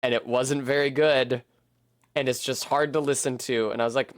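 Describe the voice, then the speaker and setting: A man's voice: medium pitch, fairly even intonation, moderate pace, no room sound, studio quality. A man rambling casually and poking fun at himself while streaming a video game, swearing now and then. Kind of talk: casual commentary while playing.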